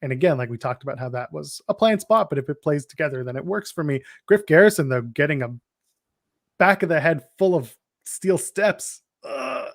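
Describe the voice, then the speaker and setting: A man's voice: on the high side, expressive, normal speed, gravelly, no room sound, clean studio sound. A man co-hosting a wrestling podcast, recapping matches in a wry, joking, rambling way. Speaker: podcast co-host. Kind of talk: casual wrestling chat.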